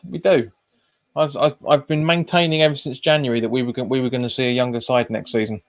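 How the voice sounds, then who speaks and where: Speaking quickly with fairly even intonation in a medium pitch, a man runs a live football watch-along stream. Between calling passes he chats casually with the viewers and frequently repeats his words.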